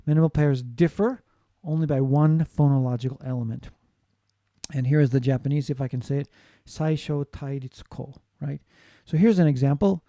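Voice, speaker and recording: A man delivers a recorded lecture in a deep, very mellow tone. He explains things patiently and often checks in with his listeners. The sound is dry and close, with almost no room around it. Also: fairly quick, dry recording. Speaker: teacher.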